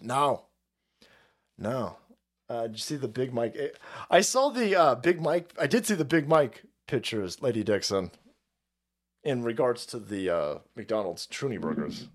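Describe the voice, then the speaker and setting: A man's voice: medium pitch, expressive, measured pace, pauses often. A man hosting a livestream, thanking chat by name and ranting in a foul-mouthed, mocking way, laughing often. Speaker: livestream host reading chat.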